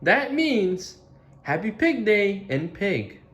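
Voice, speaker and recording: Man, children's book read-aloud, chatty asides, unhurried, pitch swinging widely. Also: sing-song, slight background noise. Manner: warm asides, chuckling at the story. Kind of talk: read-aloud storybook narration.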